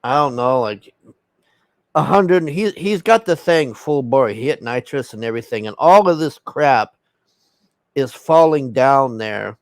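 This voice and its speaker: A man's voice: medium pitch, animated, unhurried, no room sound. Man, casual film recap, rambling, swears a lot, dry close-up sound. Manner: rambling and profane, with many fillers and acted-out quotes. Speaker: film reviewer.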